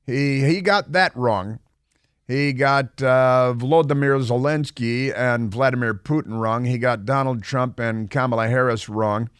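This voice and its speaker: Man, radio host, rambling monologue, dry studio sound, middle pitch. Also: measured pace, smooth, dry recording. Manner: rambling, many fillers and restarts. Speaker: radio talk show host. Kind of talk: casual talk radio monologue.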